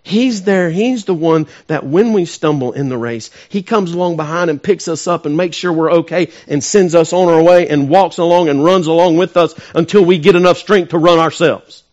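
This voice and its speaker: A man with a noticeably high voice preaching to his congregation. He builds to loud, emphatic peaks, then drops to soft, close asides. He often asks the church direct questions. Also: normal speed, hardly any pauses, muffled recording. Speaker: pastor. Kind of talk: sermon.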